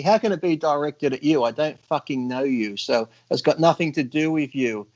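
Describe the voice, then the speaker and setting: A man's voice: fairly high pitch, normal speed, darkish tone. A man as a podcast guest in casual chat, blunt and profane, telling crude jokes and mocking people in put-on voices. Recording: slightly dull lo-fi audio.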